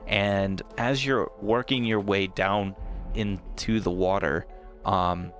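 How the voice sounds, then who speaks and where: A man's voice: on the low side, fairly even intonation, slow pace, soft background music. A man narrating a tabletop game as dungeon master, casual and laughing often, with many fillers.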